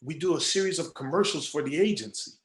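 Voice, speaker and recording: A man's voice: fairly high pitch, quick pace. Storytelling man in an echoey room. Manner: animated storyteller acting out quoted voices. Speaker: guest speaker, agency creative director. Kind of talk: casual storytelling Q&A.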